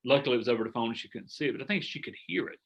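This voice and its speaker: A middle-aged man coaching a group over a video call, earnest and animated, acting out sample sales conversations. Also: medium pitch, very fast, lo-fi sound. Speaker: business coach. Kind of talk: coaching workshop talk.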